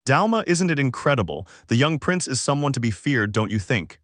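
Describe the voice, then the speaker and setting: Man reading a cheerful excitable demon elder. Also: mid-range voice, a little fast, no echo, studio quality.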